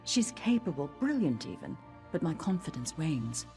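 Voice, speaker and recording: An actress voicing a stern dark elf woman who serves as a tower steward in a video game, speaking in a measured, formal way. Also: low voice, very animated, faint music behind. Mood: grave. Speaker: game character.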